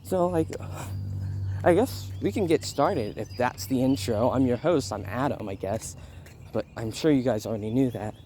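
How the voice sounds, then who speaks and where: A man's voice: mid-range voice, animated, moderate pace, mellow, a little hiss or hum. A young man hosting a casual vlog while walking outdoors, slightly sick, rambling and interrupting himself with frequent laughs. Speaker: vlog host. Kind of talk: casual rambling walk-and-talk. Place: outdoors on a neighborhood walk. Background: birds and a barking dog outdoors.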